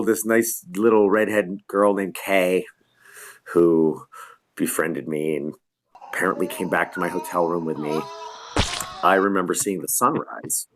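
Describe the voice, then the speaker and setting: A middle-aged man with a low voice, speaking at normal speed with slight background noise, joins a video call from his home as a guest. A lighting designer, he tells a tour story casually, acting out quotes and laughing often.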